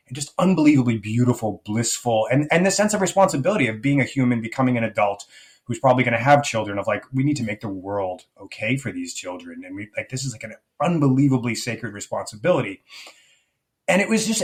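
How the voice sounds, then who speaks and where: Guy on a podcast telling a wild personal story, talks fast, lots of "like"s, earnest. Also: mid-range voice. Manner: earnest, frequent fillers like "like". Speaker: guest, life coach.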